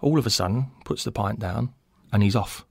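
Male podcast guest, deep and rough-edged, animated yarn-teller who voices his characters. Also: a little fast, no echo. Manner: animated storyteller, acts out quotes, laughs mid-story. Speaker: podcast guest, former footballer. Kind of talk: casual anecdote telling. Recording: dry close mic in small studio.

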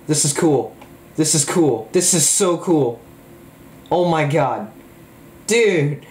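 A man giving excited, jokey gameplay commentary, full of exclamations. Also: fairly high pitch, echoey room. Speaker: gamer.

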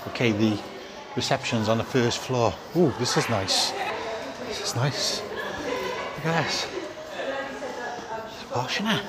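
A man chatting excitedly in a casual travel vlog, full of slang, first from a car and then inside a hotel. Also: mid-range voice, normal speed, a loud crowd, very noisy. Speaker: vlogger.

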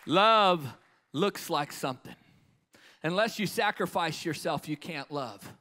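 Passionate preacher man, hushed to booming. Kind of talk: live conference sermon. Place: conference stage before a crowd.

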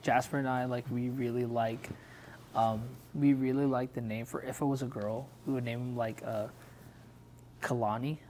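A young man co-hosting a casual podcast, chatty and relaxed, often laughing. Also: medium pitch, normal speed, a little hiss or hum. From Pacific islands heritage, Filipino. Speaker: podcast co-host. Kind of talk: casual chat.

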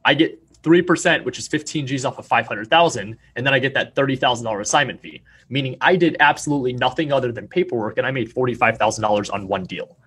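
A young man talks fast and sure of himself, laying out figures in a salesy pitch. His voice is a touch husky, and the pace rarely lets up through a podcast interview. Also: a bit bright. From Arizona, USA. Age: young adult. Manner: fast, confident, salesy explaining. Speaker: real estate agent, guest.

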